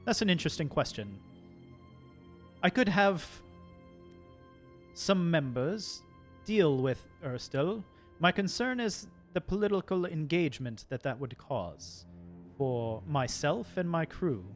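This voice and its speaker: Guy gm doing a cagey ship captain, cryptic, voice swinging high and low, bit of music in the back. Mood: persuasive. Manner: measured, cryptic, lively pitch swings. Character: shrewd, calm male ship captain. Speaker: game master. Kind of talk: tabletop game role-play.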